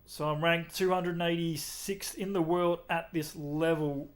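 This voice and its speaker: While racing in a video game, a young man from Australia chats with his stream chat in an Australian accent. He's laid-back and talkative, with a fairly high voice and an unhurried delivery.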